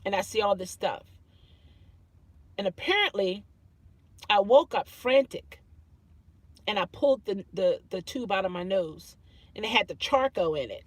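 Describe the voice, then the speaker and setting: A woman's voice: mid-range voice, animated, measured pace, long pauses, no room sound. A woman vlogger telling a personal story to camera in an earnest way, often repeating phrases and restarting her sentences.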